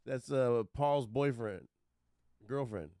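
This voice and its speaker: A man co-hosting a casual pop culture podcast, laid-back and quick to laugh. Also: mid-range voice, mellow, dry recording, studio quality. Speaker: podcast co-host.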